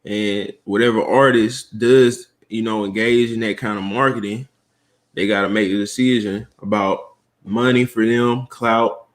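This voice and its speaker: A man from Atlanta, a guest on a livestream, speaking slowly and thoughtfully with many pauses and fillers. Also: fairly low pitch, fairly even intonation. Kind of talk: casual livestream chat.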